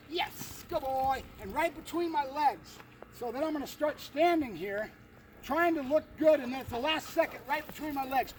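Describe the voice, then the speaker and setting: A man with a very high voice explains dog-training drills outdoors, breaking off for quick commands to his dog and often checking in with "right?". He sounds set back from the mic. Clear outdoor noise sits behind him. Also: recorded from a distance, poor audio. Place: outdoors by a fence and a building.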